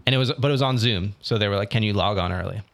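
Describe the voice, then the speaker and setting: A man's voice: lowish voice, racing, creaky. Casual young man telling a story. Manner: animated storytelling, swearing, quoting others. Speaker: actor telling about auditions. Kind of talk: casual chat.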